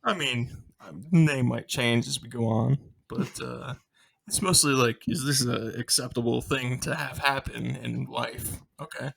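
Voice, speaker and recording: A man's voice: medium pitch, a little slow, vocal fry, fairly bright tone. A young man co-hosting a casual podcast, rambling with fillers. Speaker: podcast co-host.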